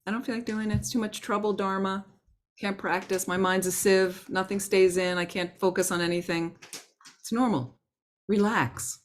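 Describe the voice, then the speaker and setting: A woman teaching a Buddhist class in a gentle, conversational way, acting out her inner thoughts as examples. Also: deep voice. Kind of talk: Dharma talk to a class.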